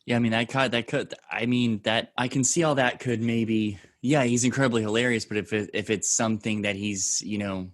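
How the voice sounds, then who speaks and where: Low-voiced man hosting, dry sound. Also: fairly even intonation, fairly quick, hardly any pauses, no room sound. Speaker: podcast host. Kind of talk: casual podcast chat.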